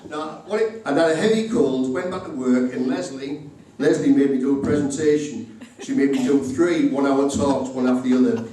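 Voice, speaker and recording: A man's voice: medium pitch, a little fast, hardly any pauses, warm tone, slight background noise. Man telling a comic wedding story from afar. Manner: storytelling, acting out both sides of conversations. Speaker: groom giving a wedding speech. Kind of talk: humorous wedding speech anecdote. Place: indoor wedding reception room. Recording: very echoey room recorded from far off.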